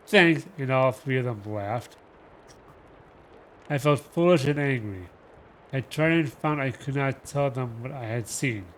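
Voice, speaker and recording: A man reads a novel aloud for a livestream audience. He takes it slowly and dramatically, pushing some words and dropping others. His voice sits in a middle pitch. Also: a little hiss or hum. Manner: dramatic, slow with shifting emphasis. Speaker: reader.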